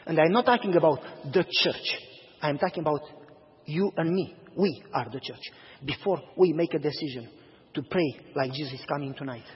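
A man preaching a sermon as pastor, telling stories in an animated way and acting out the dialogue. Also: on the high side, moderate pace. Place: church sanctuary. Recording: reverberant hall, slightly dull sound.

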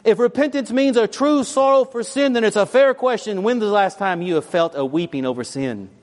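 A male pastor preaching a sermon with a fairly high voice. He tells stories from his own life and delivers them with emphatic swings between loud and hushed. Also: fairly quick, faint music behind. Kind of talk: sermon with personal storytelling.

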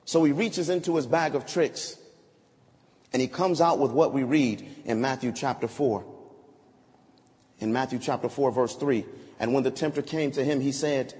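A man preaches in a sermon, dramatic and theatrical, acting out scripture scenes in different voices. His voice sits high and swings widely in pitch. It rings with a long reverb, as in a large church hall. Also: animated, unhurried, a little mellow.

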